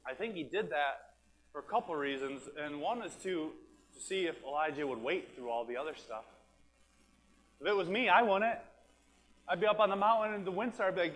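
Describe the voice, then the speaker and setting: A man preaching to his congregation in a slightly high voice, plain-spoken and conversational. He repeats his key phrases for emphasis. At times he drops to a soft whisper to make his point. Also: normal speed, poor audio. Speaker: pastor. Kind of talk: sermon.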